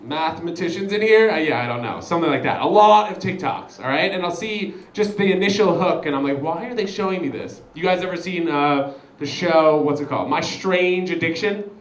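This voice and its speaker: A young man performing a stand-up comedy set, chatty and animated, talking straight to the crowd. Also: a little high, fairly quick, roomy sound, rough recording. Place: comedy show venue.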